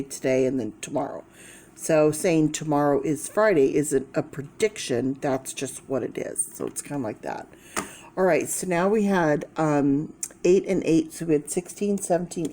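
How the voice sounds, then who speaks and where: Woman tarot vlogger, low voice, slow and musing, casual chat to camera. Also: a little mellow, a little hiss or hum. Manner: slow, repeats key words, thinking aloud. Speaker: tarot reader.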